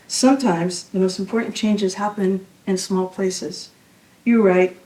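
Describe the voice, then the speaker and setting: Woman, poet, poetry reading, measured and intimate, mellow tone, heard from afar. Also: medium pitch, roomy sound, distant mic, rough recording. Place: university reading venue.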